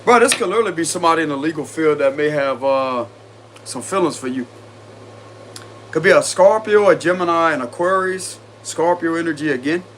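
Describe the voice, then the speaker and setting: Man, Cajun accent, casual tarot reader, confident and repetitive, slightly high pitch, faint noise. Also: a little fast, fairly bright tone. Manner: chatty, confident, repeats himself.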